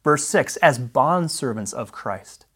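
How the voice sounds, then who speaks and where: A male Bible teacher in the middle of a lesson, working through a passage point by point. He speaks in short, measured phrases and leans on key words, with pauses between them. He reads the verses aloud in the same steady manner. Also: mid-range voice, husky.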